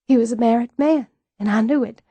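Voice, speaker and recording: Tearful, fragile young woman read by a woman, halting confession, audiobook. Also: on the high side, warm tone, husky, dry recording. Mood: distraught. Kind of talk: audiobook dialogue.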